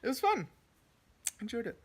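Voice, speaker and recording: A man's voice: very high-pitched, very animated, normal speed, breathy edge. A tired male teacher hosting a casual family vlog, talking easily and laughing often. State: tired, exhausted. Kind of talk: casual chat to camera.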